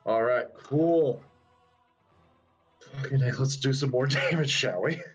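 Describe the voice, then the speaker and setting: A man's voice: medium pitch, breathy edge, faint music behind. A man playing in a tabletop game, talking casually and hesitantly with lots of ums. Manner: unhurried, hesitant, many ums. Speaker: player. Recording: dull lo-fi recording.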